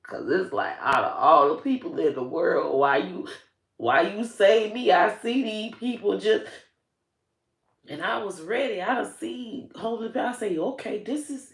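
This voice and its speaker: A woman comedian giving a tearful, emotional personal monologue, swinging from hushed to loud with heavy cursing. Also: mid-range voice, moderate pace, roomy sound. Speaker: comedian and social media creator.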